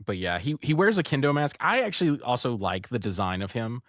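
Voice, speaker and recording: A man's voice: medium pitch, brisk, no room sound, studio quality. A man co-hosting a podcast, chatting casually about a comic, retelling scenes and laughing often. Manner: animated retelling, acts out quotes, laughs often. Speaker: podcast co-host. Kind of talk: casual comic review chat.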